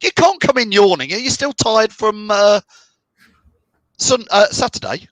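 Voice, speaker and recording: A man's voice: high voice, very animated, unhurried, fairly bright tone, no room sound, low-quality recording. A middle-aged man from the of England hosting a fan live stream, chatting and reading out viewer comments. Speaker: fan channel host.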